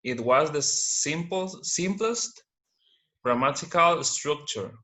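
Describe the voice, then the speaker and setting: A male student reading aloud in class, halting and stumbling over words. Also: on the high side, lively intonation, pushed and bright. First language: Spanish.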